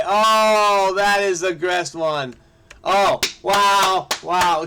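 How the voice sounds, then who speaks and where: A man from New Jersey solving a crossword aloud, excitable and frenetic, muttering to himself and breaking into snatches of song. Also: high-pitched, drawn-out words, clean tone. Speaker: crossword solver host. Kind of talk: thinking aloud while solving.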